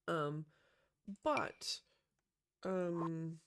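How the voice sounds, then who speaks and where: A woman whose voice sits low, with lively intonation, talks extremely slowly while building a room in a life-sim game. Her chatty Sims commentary is sprinkled with gasps and "um"s.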